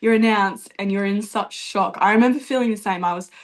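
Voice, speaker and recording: A woman's voice: mid-range voice, a little fast. A young Australian woman hosts a podcast chat. She asks questions casually and affirms her guest's answers often. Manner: warm affirming listener, frequent agreement. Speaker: podcast host.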